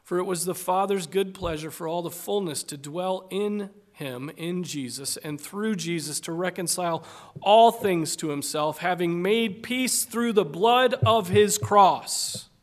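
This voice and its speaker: Slow, dramatic male preacher. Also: high-pitched. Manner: slow, dramatic, deliberate scripture reading with emphatic swells. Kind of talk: sermon.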